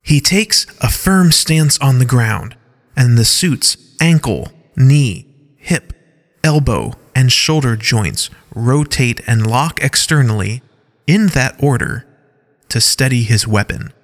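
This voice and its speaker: Male narrator for a scripted audio story, mid pitch, unhurried, long reverb. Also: lively intonation. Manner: measured, reads stage directions aloud.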